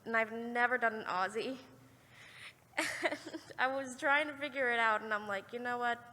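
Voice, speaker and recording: A chatty woman at a convention microphone asks her question, her voice a touch high and bright. She giggles often, and her words ring out in a long hall reverb. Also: moderate pace. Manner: giggly, chatty, breaks into laughs. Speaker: fan asking a question. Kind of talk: audience Q&A at a convention.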